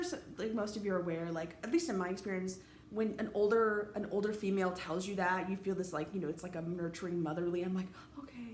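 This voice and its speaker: A woman's voice: fairly low pitch, echoey room, slight background noise. A woman, a teacher, telling a personal story in a casual, rambling way, full of fillers and restarts.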